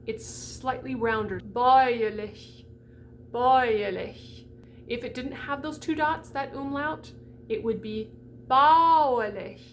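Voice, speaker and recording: A chatty woman teaching diction to singers, her voice sitting a little high. She keeps checking in with the listener, and a faint hum of room noise runs underneath. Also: a bit bright. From United States. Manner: chatty, often checks in with "okay?". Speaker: voice coach. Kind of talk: diction lesson to camera.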